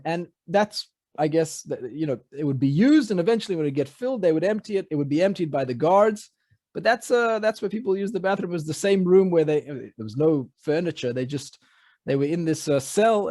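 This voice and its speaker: A rabbi telling a traditional story in a relaxed, conversational way, with frequent fillers and restarts. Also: male voice, on the high side, a little fast, no echo. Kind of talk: oral storytelling.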